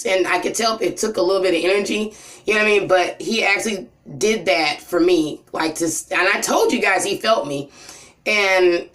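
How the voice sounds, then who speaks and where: A woman telling a personal story in a rambling, emotional vlog, full of "you know" and "like". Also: fairly bright tone. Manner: voice drops low and cries near the end. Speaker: vlogger.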